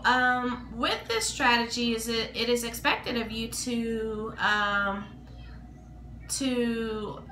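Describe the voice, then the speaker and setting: A woman teacher reading a picture book aloud to a class, slow and expressive, with some fillers. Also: fairly high pitch. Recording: echoey room, faint background noise.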